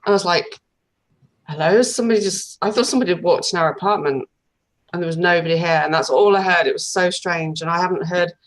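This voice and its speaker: A woman in a casual spiritual conversation, giving short affirmations and telling stories briskly. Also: on the low side.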